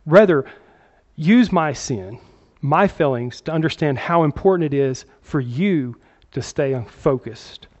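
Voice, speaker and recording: Male pastor, conversational sermon delivery with frequent check-ins, fairly high voice, muffled recording. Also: animated, measured pace. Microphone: handheld microphone.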